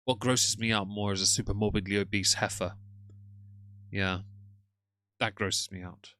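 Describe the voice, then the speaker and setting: A man's voice: lowish voice, steady tone, normal speed, pushed and bright, slight background noise. A man hosting a live stream, talking casually and mockingly to his viewers and greeting chat. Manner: sardonic, mocking, chatty asides to viewers. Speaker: livestream host. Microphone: headphones on, moderating chat from a phone.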